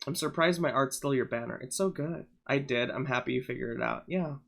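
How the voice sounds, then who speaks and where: A man's voice: mid-range voice, brisk, creaky, fairly bright tone. A man streaming live, chatting casually and irreverently while reacting to clips on a studio microphone. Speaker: livestreamer.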